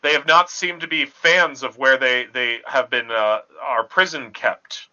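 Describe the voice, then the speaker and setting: A man acting as game master, talking in a halting way with many fillers. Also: mid-range voice, pushed and bright. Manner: halting, filler-heavy narration. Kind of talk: running a tabletop game over a call. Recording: dull lo-fi audio.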